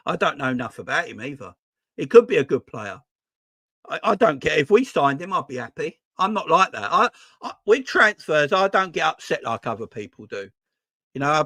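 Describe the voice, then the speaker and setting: A man hosting a football fan channel, talking in an excitable, exasperated rant with plenty of swearing. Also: a little high, brisk, no room sound, clean studio sound. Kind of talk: ranting casual vlog talk.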